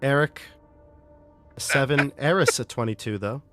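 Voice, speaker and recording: A man runs a tabletop game as game master. His voice sits at a steady middle pitch, and he explains the rules in a relaxed way. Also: unhurried, over loud music.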